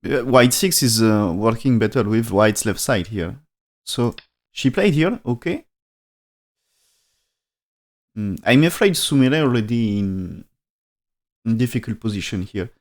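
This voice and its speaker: Male go commentator, live-stream review, non-native English, halting and thoughtful delivery. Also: fairly low pitch, expressive. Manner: hesitant, thinking aloud with frequent restarts; speaks non-native English with dropped articles. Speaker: go game commentator.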